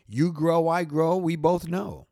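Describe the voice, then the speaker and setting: Slow and steady, a podcast host speaks in a slightly high, warm voice with vocal fry, captured in a clean studio with no echo. He gives a passionate, repetitive motivational talk that builds and circles back, getting worked up and then apologizing.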